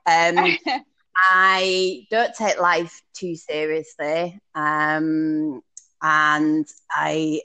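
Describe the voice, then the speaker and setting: Excitable British woman coach. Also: deep voice, low-quality recording. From United Kingdom. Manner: excitable, self-mocking, quick bursts of laughter. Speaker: guest, fitness coach. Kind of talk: casual podcast interview.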